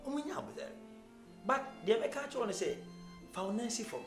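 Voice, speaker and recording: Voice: medium pitch, lively intonation, brisk, lightly acted. An actor playing a reassuring friend. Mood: consoling. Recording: echoey room with music bed. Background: music.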